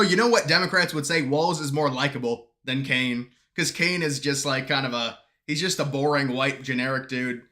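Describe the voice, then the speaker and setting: A man hosts a live stream, reading viewers' questions aloud and answering with blunt, mocking remarks. His voice is very bright and forceful, sitting at an ordinary middle pitch. He laughs often and stumbles through repeated words as he thinks aloud. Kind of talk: casual live-stream commentary reading chat.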